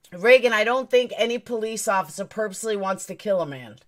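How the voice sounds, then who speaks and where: A woman streamer gives blunt, emphatic commentary and answers her chat directly. Her pitch sits in the middle for a woman. She is opinionated and firm in every line. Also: expressive, normal speed. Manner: talks straight to her chat. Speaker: true crime streamer.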